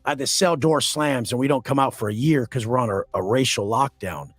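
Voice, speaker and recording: In a dry recording, a man with a mid-range, husky, fairly bright voice speaks briskly as a podcast guest. He swears constantly, telling blunt, aggressive stories and performing the confrontations he quotes.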